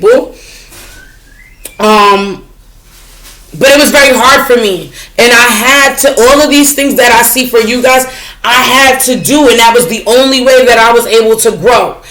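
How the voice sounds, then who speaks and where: Fairly high-pitched and bright, this woman's voice takes an unhurried pace. She reads tarot and talks spirituality with her audience in a loose, candid way, swearing without hesitation and repeatedly asking whether they follow her: "you know what I'm saying?"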